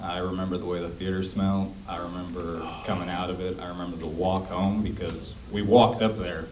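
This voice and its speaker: Earnest low-voiced male fan, distant mic. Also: level tone, a little fast, a little mellow, slight background noise. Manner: earnest, emotional, rambling. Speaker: audience member asking a question. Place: theater. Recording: distant mic, roomy theater.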